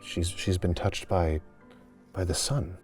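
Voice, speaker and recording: A man voicing a gentle male cat-folk leader, speaking slowly and haltingly. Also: low voice, fairly even intonation, husky, faint music behind, full character voice. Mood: reverent.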